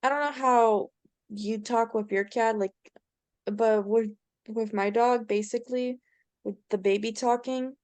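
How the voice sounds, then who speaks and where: A woman's voice: fairly high pitch, fairly even intonation, a little slow, a little mellow, smooth, dry recording. A teenage girl, a student in an online tutoring session, talking hesitantly and searching for her words.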